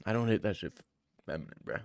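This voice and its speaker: A man's voice: fairly low pitch, lively intonation, fast, a little mellow, no room sound. A man in his twenties streaming, reading chat aloud and bantering and joking back at it in casual talk.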